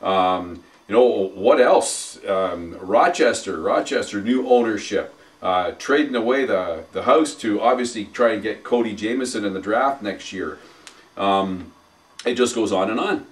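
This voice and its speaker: A deep, low-pitched man chats about sports in halting bursts, with fillers between his phrases. He sounds set back from the microphone. His energy rises as he talks up the coming season. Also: lively intonation, distant mic. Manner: halting, many fillers, builds hype. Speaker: podcast co-host and arena announcer. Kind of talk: casual sports chat.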